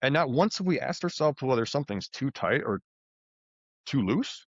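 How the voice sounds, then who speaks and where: A man of middle pitch tells his own story as a guest on a podcast, talking eagerly and tripping over his words as he restarts. His voice is close and dry, with no room sound. The audio is slightly dull and muffled. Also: moderate pace, dry recording. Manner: animated, frequent restarts and fillers. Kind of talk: conversational storytelling.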